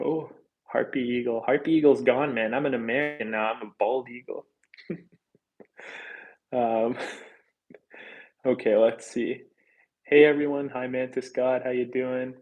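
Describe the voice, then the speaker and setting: A man's voice: mid-range voice, fairly even intonation, measured pace, long pauses, darkish tone, rough recording. A man of thirty hosting a reptile livestream, chatting casually and candidly as he reads viewer comments, with frequent fillers. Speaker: reptile channel host.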